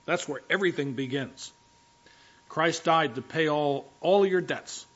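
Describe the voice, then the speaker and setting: A man's voice: fairly high pitch, unhurried, fairly bright tone, dull audio. A man preaching a sermon as pastor, talking conversationally and directly to his congregation in a church.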